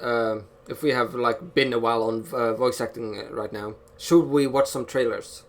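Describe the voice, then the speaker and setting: A man with a mid-range voice hosting a relaxed podcast chat. He speaks hesitantly, restarting his sentences and reaching for fillers as he explains his points. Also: mid-range voice, moderate pace. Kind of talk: casual online podcast chat.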